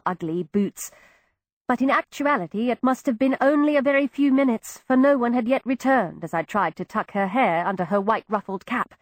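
A woman giving expressive first-person narration of an audiobook, voicing each character. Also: medium pitch, no room sound, clean studio sound.

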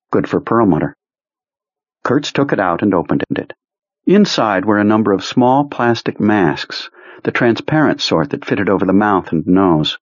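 Low, husky male audiobook narrator. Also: no echo, dull audio. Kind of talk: scripted narration.

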